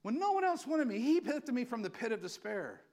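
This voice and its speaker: Man, pastor, sermon, high voice, very animated pitch, impassioned, conversational. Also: brisk. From California. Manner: impassioned, conversational preaching with acted-out quotes.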